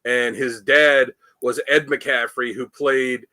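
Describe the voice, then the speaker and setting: Bright-voiced joking male co-host. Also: medium pitch, steady tone, slow pace. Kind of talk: casual chat.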